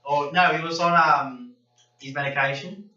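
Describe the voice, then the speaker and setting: A man's voice: fairly high pitch, steady tone, moderate pace, sharp tone. A man with an Australian accent in a casual podcast chat, joking and laughing. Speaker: podcast co-host. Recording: roomy, distant, dull lo-fi recording.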